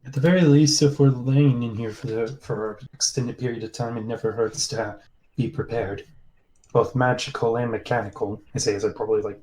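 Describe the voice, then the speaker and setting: A man's voice: medium pitch, fairly even intonation, brisk, darkish tone, rough recording. A man playing in a tabletop game, explaining rules and his plans in a hesitant way, often restarting his sentences. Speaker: player.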